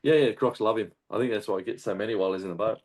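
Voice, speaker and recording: Low-voiced Australian man telling a story. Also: rapid-fire. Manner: animated, swears often, acts out shouted quotes. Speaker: guest hunter. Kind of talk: casual storytelling.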